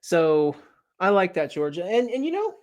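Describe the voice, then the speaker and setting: A man's voice: high voice, big pitch swings, moderate pace, a little mellow, lo-fi sound. A man co-hosting a live podcast, chatting casually in a playful, teasing way and laughing often. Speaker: podcast co-host.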